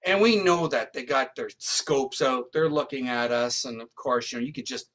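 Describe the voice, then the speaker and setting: A man's voice: medium pitch, moderate pace. A man, a guest psychic medium and criminal profiler, telling a story in an interview and often tagging his lines with "right?". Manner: animated retelling, tags lines with "right?".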